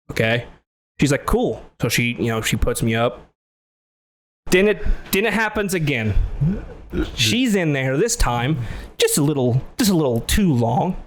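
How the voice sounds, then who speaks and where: A podcast host with a mid-range voice tells an animated story on a casual show, acting out both sides, including the other person's lines in his own voice. He laughs loudly, says "like" a lot, and swears freely.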